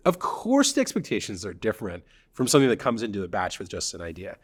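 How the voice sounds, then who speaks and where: A man co-hosting a relaxed conversation about building startups. He tells anecdotes with a lively, swinging pitch, slipping into the voices of founders he quotes. He laughs easily as the point lands. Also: quick pace, breathy edge. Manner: animated, laughs often, acts out quoted founders. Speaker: startup advisor, co-host. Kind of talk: casual conversational podcast.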